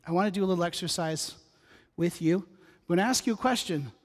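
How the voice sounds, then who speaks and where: A middle-aged male pastor delivers a sermon in a high voice, breaking into joking asides and a personal story. His words ring out with a long reverb from the church sanctuary. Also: quick pace. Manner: conversational, humorous asides, storytelling.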